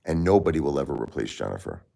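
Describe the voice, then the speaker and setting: Grieving on a livestream, a middle-aged man talks straight to his chat viewers, turning indignant and heated when anger takes over. He speaks quickly in a gravelly, dark bass with wide swings in pitch.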